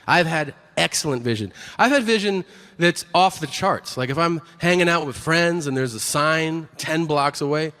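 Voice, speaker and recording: A man's voice: fairly high pitch, moderate pace. A man in his forties performing a live stand-up set, telling profane stories and acting out the people in them. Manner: profane, animated storytelling with acted-out quotes. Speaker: stand-up comedian. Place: stage before a live audience. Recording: live stage recording with crowd noise.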